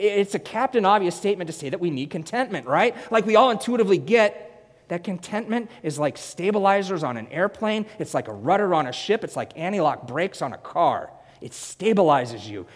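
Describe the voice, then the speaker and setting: A man preaching a sermon in an emphatic way, repeating phrases and swinging from loud to hushed. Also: high voice. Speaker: pastor. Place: church hall. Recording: long church-hall reverb.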